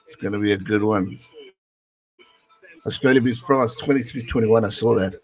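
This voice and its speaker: A young man with a slightly low voice talks casually through a live rugby match while streaming. He chats and answers his viewers as he goes. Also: normal speed, a little mellow, low-quality recording. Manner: chatty, reads out viewer messages. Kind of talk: casual live watch-along commentary.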